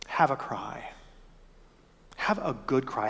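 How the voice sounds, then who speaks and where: A man preaching a sermon as pastor, gentle and reflective, posing soft rhetorical questions to the congregation. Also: mid-range voice, animated, measured pace, long pauses. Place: church sanctuary. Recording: long hall reverb.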